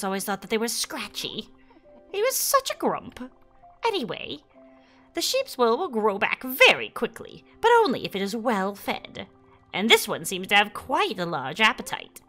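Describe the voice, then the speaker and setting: A woman reading aloud the lines of a gentle, chatty old woman character in a video game, in a sweet, motherly way. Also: a little high, exaggerated voice.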